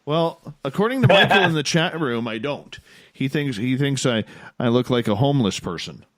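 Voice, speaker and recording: Lively Canadian-accented radio host. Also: male voice, medium pitch, normal speed, no room sound, clean studio sound. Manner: enthusiastic, playful. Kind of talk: casual radio talk.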